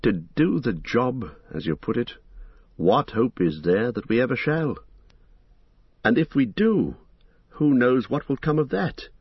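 A man reading as a gentle, weary hobbit hero. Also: medium pitch, expressive, unhurried, breathy edge, no echo, voice pushed up. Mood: somber. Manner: gentle, thoughtful, resigned. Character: weary earnest young male hobbit hero. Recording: dull lo-fi dry recording.

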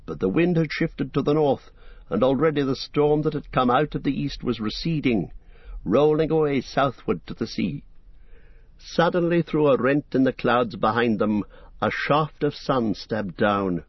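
A man narrating an audiobook in a measured, solemn storytelling manner. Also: medium pitch, husky, dry recording. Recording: dull dry lo-fi recording.

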